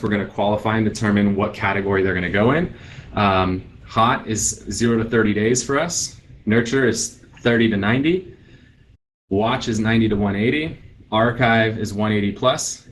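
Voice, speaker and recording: A man in his thirties giving a conference sales presentation, coaching in an energetic way and acting out sample phone calls. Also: fairly low pitch, low-quality recording. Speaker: real estate team leader presenting.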